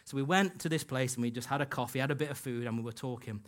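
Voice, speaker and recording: A man's voice: medium pitch, fast. A man preaching a sermon in a church, telling a personal story in an earnest way and acting out the dialogue he quotes. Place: church hall.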